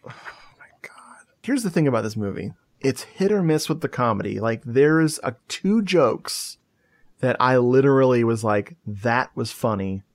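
A man hosting a relaxed movie podcast, his voice sitting in a middle register. He recaps the plot in a loose, chatty way and breaks into laughter often. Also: mid-range voice, normal speed. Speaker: podcast host. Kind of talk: casual movie review chat.

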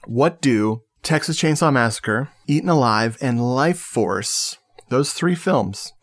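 A man's voice: medium pitch, expressive, slow pace. A man hosting a podcast, chatting casually about movies in a loose, joking way with lots of fillers. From United States. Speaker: podcast host.

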